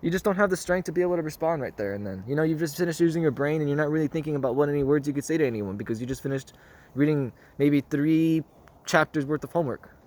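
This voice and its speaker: A man's voice: on the high side, fast talker, a little mellow. A man talking through a reflective monologue in an earnest, rambling way, often repeating himself and checking in with "you know what I mean?". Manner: earnest, circles back to one phrase. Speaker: spiritual vlogger.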